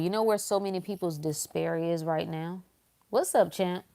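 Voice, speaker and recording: A woman's voice: on the low side, moderate pace, creaky, dark tone. A woman hosting a casual motivational livestream, talking emphatically to her viewers and repeating phrases to drive her points home. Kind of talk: casual motivational talk to a live audience.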